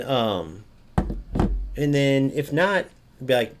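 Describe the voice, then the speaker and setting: A man's voice: mid-range voice, normal speed, darkish tone, soft background music. A man streaming a football video game, talking casually to his viewers and acting out short exchanges with opponents. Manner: talks to his chat, acts out short exchanges in a raised voice. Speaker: gaming streamer. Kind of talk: casual gameplay commentary.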